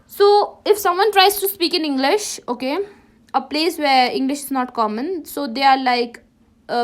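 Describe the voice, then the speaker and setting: High-pitched and animated, a little slow, this Ladakhi-accented teacher leads a lesson while checking "okay?" after almost each sentence. She frequently restarts and corrects herself.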